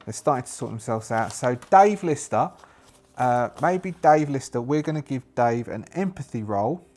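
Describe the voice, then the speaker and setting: A man's voice: medium pitch, expressive, normal speed, darkish tone. A British man running a solo tabletop game, hesitant and thinking aloud with many fillers and restarts. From Britain.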